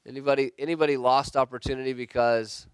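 A man's voice: mid-range voice, steady tone, clean tone, no echo. Earnest man leading a church discussion. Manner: earnest, storytelling, halting restarts.

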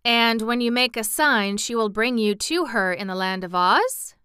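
A woman's voice: fairly high pitch, moderate pace, sharp tone, smooth, dry recording. A woman voicing a curious, uneasy young boy in an audiobook, asking many questions.

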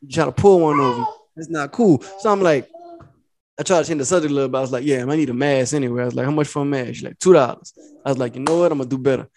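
This podcast co-host is a young man with a mid-range, slightly mellow voice, and he races through a profane story. He plays out both sides of the exchange as he tells it in a casual, storytelling way.

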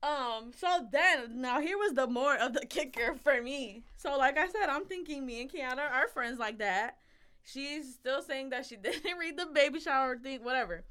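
A woman co-hosting a podcast tells a story in casual chat, blunt and profane, acting out the lines of the people in it. Her high-pitched voice is expressive and sharp, at a moderate pace.

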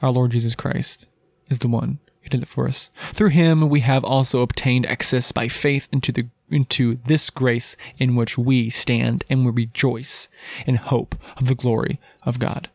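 A man's voice: mid-range voice, fairly even intonation, normal speed, creaky, darkish tone, no room sound, clean studio sound. A man hosting a podcast, giving a casual Christian teaching talk in an earnest, emphatic way, with many rhetorical questions and restarts. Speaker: podcast host.

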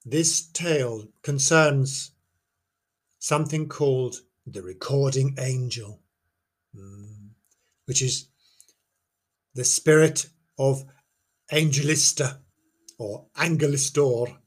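A man's voice: mid-range voice, slow pace, pauses often, husky. A man telling a local ghost legend in a chatty, playful way, full of theatrical asides and exclamations. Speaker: folklore storyteller. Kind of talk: casual folklore storytelling.

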